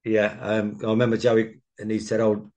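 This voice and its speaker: A man's voice: on the low side, monotone, moderate pace, darkish tone. A man in his sixties, a former footballer, telling rambling anecdotes as a guest in a casual interview. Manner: rambling anecdotal storytelling, many restarts.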